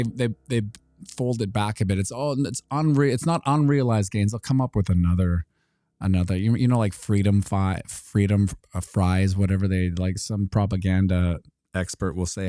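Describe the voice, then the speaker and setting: A man hosting a casual commentary monologue, sarcastic, often acting out mock dialogues in quick changes of voice. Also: lowish voice, mellow, no room sound, studio quality. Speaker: host.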